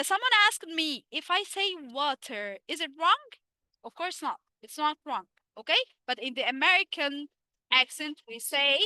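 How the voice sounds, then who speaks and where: Bright, high-voiced Egyptian woman teaching English. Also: dry recording, studio quality. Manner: animated, asks students rhetorical questions and answers them. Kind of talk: online English lesson, mixing Arabic and English.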